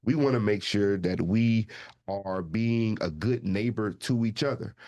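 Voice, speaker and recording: A man's voice: lowish voice, a little slow, a little mellow. A man hosting a community podcast, speaking earnestly with frequent ums and uhs. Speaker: host, state representative.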